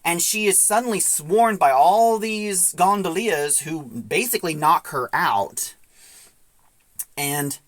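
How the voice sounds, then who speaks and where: Chatty low-voiced woman reviewer. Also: dry recording. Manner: chatty, retells scenes with many "like" asides. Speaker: audio drama reviewer. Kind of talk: casual plot recap review.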